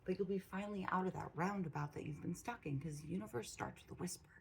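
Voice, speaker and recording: A woman's voice: fairly low pitch, quick pace, vocal fry, darkish tone, slight background noise, low-quality recording. A woman giving blunt, profane spiritual advice in a casual monologue, repeating phrases for emphasis. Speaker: spiritual channel host. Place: home room with a cat.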